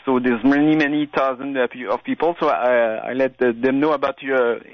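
A man's voice: medium pitch, fairly even intonation, dry recording. A man with a Quebec French accent phones in to a late-night radio show, groping for words with frequent fillers and restarts. His voice comes through dry and muffled. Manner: halting, many restarts and fillers. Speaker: caller. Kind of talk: radio call-in chat. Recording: dull phone line.

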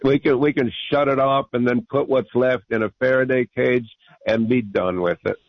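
A man's voice: medium pitch, steady tone, normal speed, dry recording. A man calling in to a radio talk show, arguing insistently and repeating himself. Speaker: radio caller. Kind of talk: call-in radio debate. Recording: muffled radio broadcast.

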